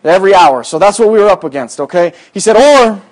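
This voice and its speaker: A man's voice: high voice, lively intonation, quick pace, a little mellow. A man preaching a sermon, telling a personal story in a folksy, rambling way with many fillers, in a church. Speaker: pastor.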